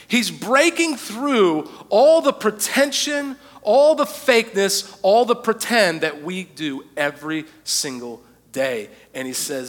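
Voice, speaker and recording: High, bright-voiced preacher in a reverberant hall. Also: male voice, takes it slowly, few pauses. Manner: animated, joking storyteller who questions the congregation. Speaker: pastor. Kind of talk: sermon. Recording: long church-hall reverb.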